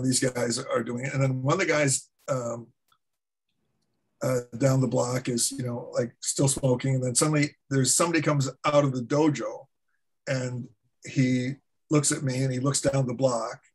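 A man's voice: medium pitch, breathy edge, poor audio. A middle-aged man, a martial arts instructor, telling a story as a guest with many fillers and restarts. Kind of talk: casual anecdote storytelling.

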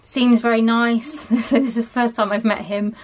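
A woman's voice: on the high side, flat delivery, moderate pace, a little hiss or hum. A young woman vlogging in a casual chat, tired and sluggish, rambling with lots of ums and likes.

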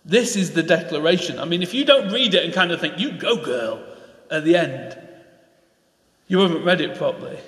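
A man's voice: fairly high pitch, lively intonation, normal speed, a bit bright. A man with a Northern English accent preaching a passionate sermon in church, building to pleading questions and getting openly enthusiastic. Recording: echoey church hall.

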